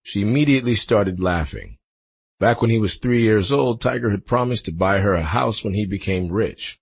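A male narrator reads a nonfiction audiobook with expressive delivery. His voice is gravelly and husky. His pitch moves in a lively way. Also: moderate pace. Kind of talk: scripted narration.

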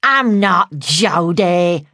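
A woman voicing a gruff, menacing male alter ego who growls and snarls threats. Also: on the low side, lively intonation, drawn-out words, pushed and bright, no echo, studio quality, exaggerated voice. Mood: snarling furious.

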